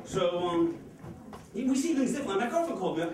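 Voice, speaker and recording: High, lively stand-up comic in an echoey club. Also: male voice, distant mic, crowd noise. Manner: fast, excitable, profane delivery. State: nervous, sweating. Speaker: stand-up comedian. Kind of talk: stand-up comedy set. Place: comedy club stage. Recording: echoey club audio from afar. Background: audience laughing.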